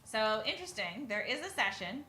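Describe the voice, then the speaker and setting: A woman's voice: on the high side, big pitch swings, fairly quick, crowd noise. Laughing woman thinking aloud on a stream. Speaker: co-host of a live coding stream. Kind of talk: casual technical chat. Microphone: desk mic at a computer. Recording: faint noise, glitchy internet audio.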